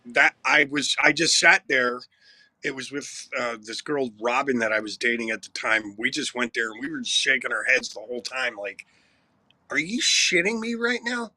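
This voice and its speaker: A man's voice: mid-range voice, steady tone, moderate pace, bright, forceful tone, no echo. A man, a rock singer guest on a podcast, telling wry, profane anecdotes in a casual way. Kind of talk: casual storytelling.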